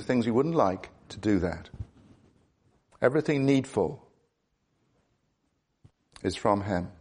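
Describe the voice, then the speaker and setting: A male preacher delivering a sermon at an average pitch. He speaks in an earnest, measured way, pausing on phrases and pushing his voice up on the words he wants to stress. He often turns to his listeners with rhetorical questions. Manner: measured delivery with fillers and restarts.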